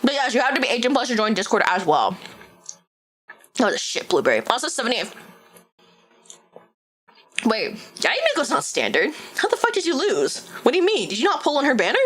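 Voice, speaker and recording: A woman's voice: fairly high pitch, big pitch swings, a little fast, pauses often, fairly bright tone. A woman VTuber chatting casually on a livestream, swearing freely and laughing often. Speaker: VTuber streamer.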